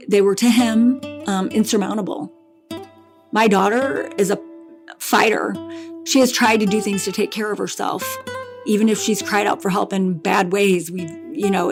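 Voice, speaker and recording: Grieving middle-aged woman, halting speech. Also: mid-range voice. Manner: halting, grief-laden, with many restarts. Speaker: interview guest, bereaved mother. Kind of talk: personal storytelling.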